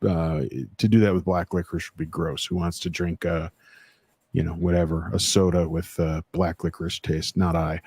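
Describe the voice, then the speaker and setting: Male co-host with a lowish voice, rambling and halting through casual stream chat. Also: flat delivery, darkish tone, slightly rough, no room sound. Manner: rambling, halting with many fillers.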